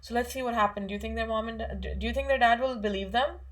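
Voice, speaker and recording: A woman's voice: a little high, fairly even intonation, fast. A woman giving a children's religious lesson in a chatty way, asking her young listeners lots of questions with frequent fillers. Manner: asks kids questions, conversational, many fillers. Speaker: Islamic studies teacher for children.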